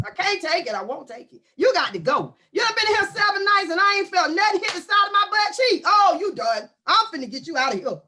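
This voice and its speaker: A high, bright female voice, swinging wildly up and down as she rants. She talks in a loud, comic, animated way and often breaks into shouts. It is casual talk, delivered with plenty of energy. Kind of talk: casual comic rant to camera.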